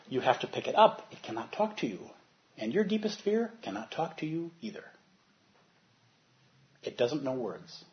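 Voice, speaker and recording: A man giving a dharma talk as a meditation teacher, animated, moving from soft, quiet stretches to loud bursts as he acts out inner voices. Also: mid-range voice, highs cut off.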